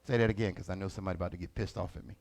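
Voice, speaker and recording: A man preaching a sermon as lead pastor, colloquial and animated. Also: deep voice, rapid-fire, gravelly, soft background music. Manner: animated, colloquial, acts out characters.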